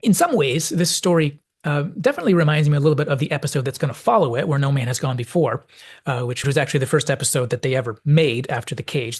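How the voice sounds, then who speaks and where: A man hosting a video essay, reflectively analyzing a classic TV episode and thinking aloud as he goes. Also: fairly high pitch.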